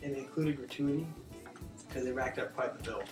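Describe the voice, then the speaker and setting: A man co-hosting a show, telling a lively story in casual chat and acting out the other people's lines. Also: mid-range voice, normal speed. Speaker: show co-host. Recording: roomy, distant mic, music behind.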